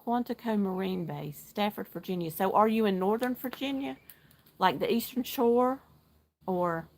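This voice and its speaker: A middle-aged woman from North Carolina hosts a casual livestream from her outdoor deck. She is chatty and excitable, and she greets her viewers one by one by name. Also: medium pitch, moderate pace. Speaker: livestream host. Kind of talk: casual live chat while knitting.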